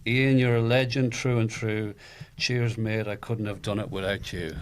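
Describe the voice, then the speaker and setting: A man who is a podcast guest, talking in a soft-spoken, heartfelt way. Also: on the low side, fairly even intonation, moderate pace. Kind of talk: casual conversation.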